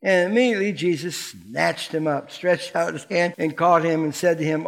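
A man preaching a sermon in a lively, playful way, asking the congregation questions and acting out the voices in the story. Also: high voice, moderate pace. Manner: animated, playful preaching that asks the congregation questions and acts out quotes. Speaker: pastor.

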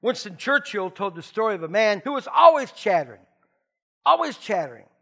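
Gravelly high-voiced pastor, folksy. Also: male voice, brisk. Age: middle-aged. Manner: folksy, joking, animated asides. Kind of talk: conversational sermon.

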